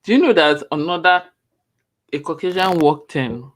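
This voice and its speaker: A man's voice: on the high side, expressive, moderate pace, fairly bright tone. A man, co-hosting a casual chat podcast and telling a story in a rambling way. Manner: rambling, restarts often. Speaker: podcast co-host.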